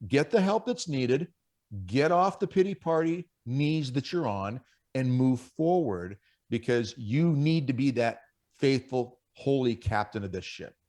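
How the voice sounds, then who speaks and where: A man's voice: mid-range voice, expressive, unhurried, a little mellow. A middle-aged man, a guest on a Catholic radio show, telling stories and earnestly urging other men on over a studio microphone. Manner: earnest, exhorting, anecdotal. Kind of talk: conversational faith radio talk.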